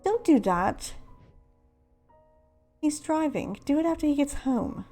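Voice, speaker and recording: A woman's voice: sits high, animated, slow pace, warm tone, faint music behind, pitched above the performer's own voice, heavily acted. Woman doing a fussy old British-tinged mother. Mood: fond. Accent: put-on British.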